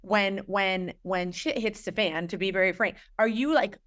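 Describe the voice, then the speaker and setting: Smooth-voiced woman host asking questions. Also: medium pitch, moderate pace, fairly bright tone. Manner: probing, conversational questions. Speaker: podcast host. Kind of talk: casual interview chat.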